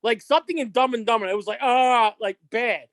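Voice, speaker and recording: A woman's voice: on the high side, fairly quick, dry recording. A woman, a podcast guest telling a story with lots of swearing, acting out every line of dialogue. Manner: animated, acts out quotes, heavy swearing.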